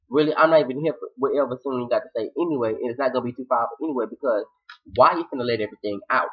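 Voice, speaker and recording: Male recap host, mid-pitched, slangy and dramatic, on slightly dull lo-fi audio. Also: rapid-fire, husky. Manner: animated, slangy, dramatic retelling. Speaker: TV recap vlogger. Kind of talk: casual TV episode recap.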